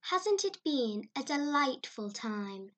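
A woman's voice: a little high, expressive, moderate pace, a bit bright. A woman doing a dramatic, rapturous young girl.

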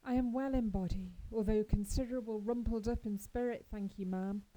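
A woman voicing an excitable, dramatic young orphan girl who speaks fervently and earnestly. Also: medium pitch, normal speed, close to an everyday voice, rough recording. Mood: fervent anxious.

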